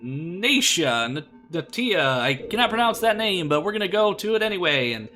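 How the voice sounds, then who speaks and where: A man's voice: high voice, big pitch swings, normal speed, sharp tone, pitched above the performer's own voice, exaggerated voice. A young man putting on his old radio DJ voice, announcing like a classic-rock show host. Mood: announcer-bright. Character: male classic-rock radio DJ, upbeat and smooth. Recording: game music behind the voice.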